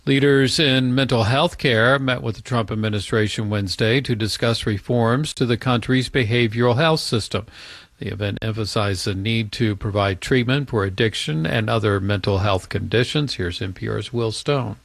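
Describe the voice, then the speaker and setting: A male news anchor reads the bulletin in a measured, even cadence. His voice sits fairly low, and the studio sound is dry and close. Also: gravelly, no room sound. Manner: measured, even newsreader delivery. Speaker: newscast anchor. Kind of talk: scripted news reading.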